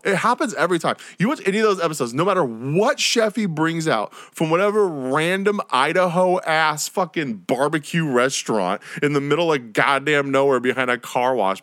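A man's voice: mid-range voice, fairly bright tone, no room sound, studio quality. A young man ranting on his own podcast, rambling and profane, laughing and mocking people in silly voices. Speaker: podcast host. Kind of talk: solo podcast rant.

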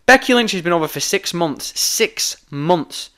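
A young man rants hard about wrestling. His voice sits a little higher than most men's, and he keeps pushing his points with blunt emphasis and repeated swearing. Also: animated, unhurried, fairly bright tone. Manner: heated, emphatic, frequent swearing. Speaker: wrestling commentator. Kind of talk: opinionated rant.

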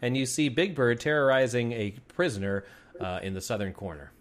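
A man running a tabletop game in a casual, loose way, stopping and starting with fillers. His voice sits in an ordinary middle pitch and he swears freely. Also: brisk. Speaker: game master.

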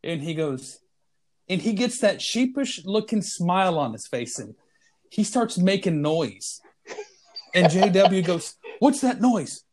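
A man's voice: high voice, animated, a little slow, darkish tone. A man co-hosting a podcast, telling a funny story in casual chat and laughing through his punchlines. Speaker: podcast co-host.

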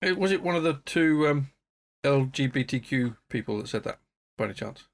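A man's voice: medium pitch, animated, brisk, creaky. A man co-hosting a podcast, trading dry jokes in casual chat. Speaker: podcast co-host.

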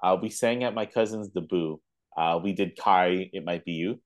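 A man co-hosting a podcast, telling animated stories in casual chat with lots of fillers. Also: deep voice, normal speed. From Canada. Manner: animated storytelling with laughs and fillers. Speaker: podcast co-host.

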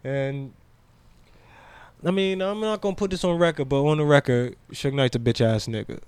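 A man co-hosting a casual podcast chat, loud and animated, laughing often and telling stories in heavy slang. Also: fairly high pitch, moderate pace, clear, resonant tone, no room sound. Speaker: podcast co-host.

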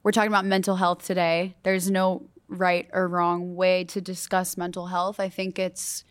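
A woman's voice: on the low side, little pitch movement, normal speed. A young adult woman hosting a casual round-table podcast, talking candidly and earnestly with frequent fillers. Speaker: podcast host.

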